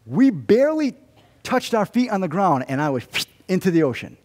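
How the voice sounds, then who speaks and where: A man's voice: high-pitched, normal speed, long reverb tail. A man preaching a sermon as pastor, telling stories with humor and acting out the lines of people in them. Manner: animated storytelling with humor and acted-out quotes. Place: church sanctuary.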